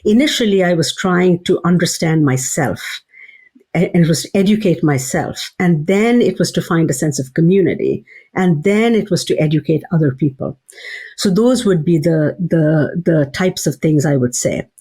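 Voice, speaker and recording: A woman's voice: low-pitched, lively intonation, moderate pace, dark tone, breathy edge. A woman, a psychology professor and author, giving thoughtful interview answers with frequent fillers and restarts.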